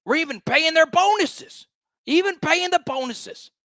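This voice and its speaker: A man's voice: very high voice, lively intonation, measured pace, bright, forceful tone, dry recording. A man hosting a sports talk show, ranting with emphatic, exasperated repetition.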